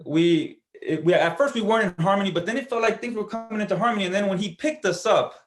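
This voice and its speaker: A man's voice: high-pitched, fast. A man speaking as a guest at a church service, walking listeners through a personal story. His voice sits well above the usual male range, and he keeps it conversational and earnest.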